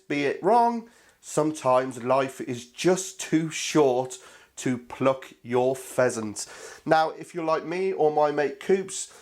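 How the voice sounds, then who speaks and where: Bloke hosting a cooking show, chatty and jokey, a bit high-voiced. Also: male voice, darkish tone. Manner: chatty and jokey, talks to viewers as mates. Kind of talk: casual cooking demonstration.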